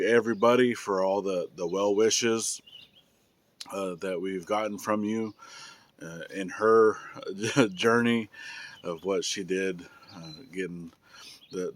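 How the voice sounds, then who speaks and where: A low-voiced man with a drawl, hoarse and losing his voice from a bad cold. He talks easygoing and unhurried, with plenty of "uh"s and restarts, in a casual outdoor vlog update. The sound is dry and close. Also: no room sound. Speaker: family homestead vlogger. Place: outdoors on a rural building site.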